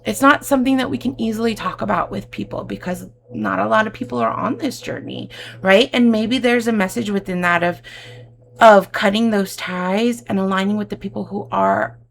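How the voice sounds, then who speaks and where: A woman reads tarot cards for her viewers in an effusive, heartfelt way. Her voice carries a gravelly fry at a middle pitch, and she keeps calling the listener babe and my love. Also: moderate pace, slight background noise. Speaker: tarot reader. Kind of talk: tarot reading addressed to viewers.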